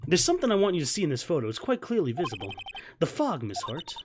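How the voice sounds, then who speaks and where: A man's voice: on the high side, huge pitch swings, quick pace, noisy background. A man voicing an earnest young male defense lawyer, reading his lines with pressing, confrontational questions.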